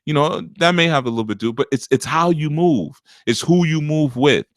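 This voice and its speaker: A man with a deep, rough, gravelly voice and a slight scratchiness up top, giving relationship advice as a spiritual teacher in a blunt, punchy, unscripted monologue. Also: a little fast, dry recording, clean studio sound. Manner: punchy, forceful, lecturing.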